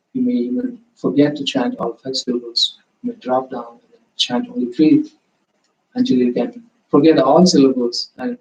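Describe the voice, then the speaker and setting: A man teaching a live yoga class, guiding meditation with slow, calm, gentle instructions. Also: medium pitch, roomy sound, lo-fi sound.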